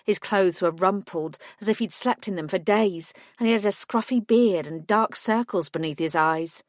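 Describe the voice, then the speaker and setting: A woman's voice: mid-range voice, moderate pace, no room sound, clean studio sound. A woman reading a first-person audiobook in a scripted narration style, voicing each character with small shifts.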